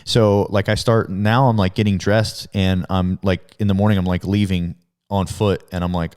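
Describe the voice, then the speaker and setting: A man talks as a podcast guest in a loose, unpolished way, stacking fillers and restarts. He swears often and backs up to correct himself mid-sentence. His voice sits on the low side. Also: flat delivery, normal speed, darkish tone, smooth. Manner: rambling, heavy swearing and fillers; frequent self-corrections and restarts. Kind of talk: casual storytelling.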